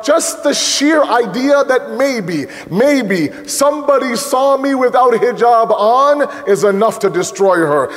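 A man giving an emotional sermon that builds into impassioned, shouted storytelling. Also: sits high. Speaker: preacher. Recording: echoey hall.

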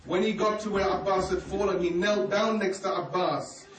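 A man narrates a mourning sermon with emotional, grieving storytelling. His voice is high for a man and comes from a distance. The hall echoes around him, and there is faint ambience in the background. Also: steady tone, normal speed, noisy background. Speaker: preacher.

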